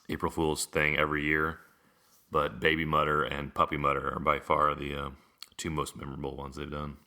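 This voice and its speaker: Podcast host, male, low register, very bright tone, dry matter-of-fact delivery. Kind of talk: casual news rundown.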